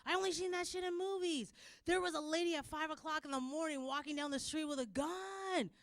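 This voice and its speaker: On a dry recording, a young stand-up comedian from Canada, speaking with a Canadian accent, performs a loud and lively set. Her high-pitched voice moves a little fast as she plays characters and laughs frequently.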